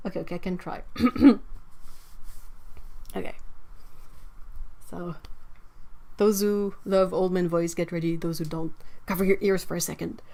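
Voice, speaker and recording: A woman's voice: fairly low pitch, fairly even intonation, a little slow, pauses often, dark tone. Woman livestream host, casual and chatty, reads comments aloud while painting.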